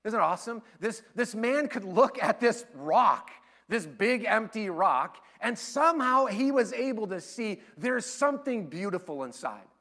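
A man preaching a sermon, telling stories in an animated way and acting out the voices he quotes. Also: sits high, a little slow. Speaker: pastor.

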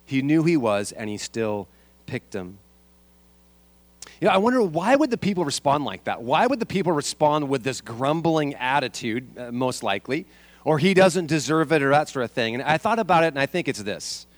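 A man's voice: mid-range voice, big pitch swings, moderate pace, no echo. A man preaching a sermon as a pastor, asking the congregation rhetorical questions and repeating his key lines.

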